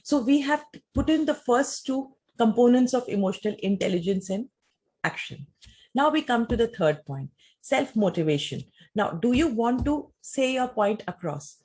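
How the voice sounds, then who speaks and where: Husky woman speaker. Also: fairly high pitch, lively intonation, darkish tone. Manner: measured and explanatory, with rhetorical questions. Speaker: speaker answering audience questions. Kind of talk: talk with audience Q&A.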